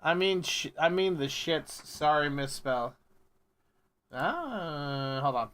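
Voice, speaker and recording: A man's voice: on the high side, expressive, slow, fairly bright tone, clean tone. A man livestreaming prank phone calls and chatting casually, joking and muttering to himself as he fixes his stream settings. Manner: jokey, mutters to himself while fiddling with settings.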